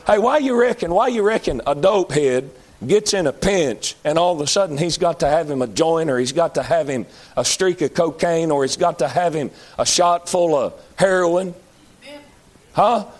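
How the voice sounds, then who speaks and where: A man preaching a sermon, moving between loud high-pitched calls and low pleading appeals.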